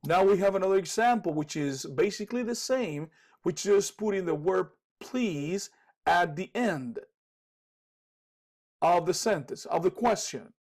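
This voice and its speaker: A man's voice: high voice, lively intonation, darkish tone. A man with a Cuban Spanish accent teaching an English lesson in a casual, repetitive way, saying okay and um often and repeating his example sentences. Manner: repeats example sentences slowly, frequent okays and ums.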